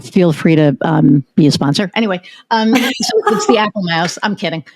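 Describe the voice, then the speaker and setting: A woman's voice: fairly low pitch, lively intonation, moderate pace, darkish tone. An American woman hosting a podcast, telling personal stories in casual interview chat and swearing freely. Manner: candid storyteller who swears freely. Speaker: podcast host.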